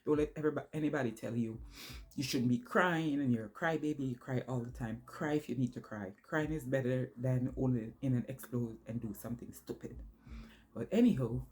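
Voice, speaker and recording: Woman, low voice, tearful, halting, emotional vlog talk. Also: fairly even intonation, darkish tone. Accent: New York. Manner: halting, emotional, many pauses and fillers. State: tearful, crying. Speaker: vlogger. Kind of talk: personal vlog confession.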